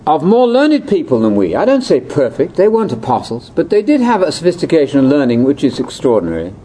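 A man's voice: on the high side, wildly swooping pitch, fast talker, warm tone, a little hiss or hum, low-quality recording. An older man giving a chatty, wry, ad-libbed lecture to a conference audience. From Britain. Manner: chatty, wry, with asides and laughs. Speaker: speaker at a religious conference.

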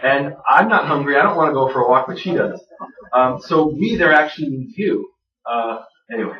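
A man lecturing on biblical grammar to a live class speaks with a fairly high, expressive voice at a brisk clip. His talk is conversational and self-deprecating, full of jokes, fillers and restarts. The recording is lo-fi, dull and distant, with a roomy sound.

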